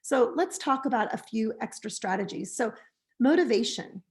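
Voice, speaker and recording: Earnest American female educator, slightly high pitch, calm recorded webinar lecture. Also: moderate pace. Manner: gentle, earnest, reads example phrases aloud. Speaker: teacher educator presenting a webinar.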